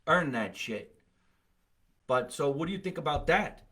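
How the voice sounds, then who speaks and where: A man's voice: on the high side, lively intonation, a little slow, fairly bright tone, breathy edge. A man hosting a comedy podcast, talking in a blunt, profane, rambling way in casual chat. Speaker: podcast host.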